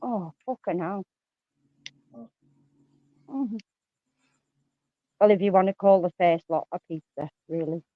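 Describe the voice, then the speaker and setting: A woman's voice: fairly low pitch, slow pace, long pauses, phone-quality sound, a little hiss or hum. Swearing, chatty woman. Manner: swears a lot, laughs often, rambling anecdotes. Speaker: guest on a live chat stream. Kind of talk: casual chat.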